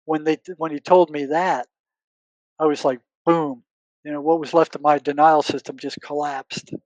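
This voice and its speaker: An older man speaks as an interview guest, his voice sitting a bit high for a man. He tells stories earnestly, repeating words as he searches for them and acting out old conversations. The sound is close and dry. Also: fairly even intonation, normal speed, a little mellow, dry recording, lo-fi sound. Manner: relives past conversations, quoting himself and others. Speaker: guest, retired psychotherapist. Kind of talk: conversational storytelling.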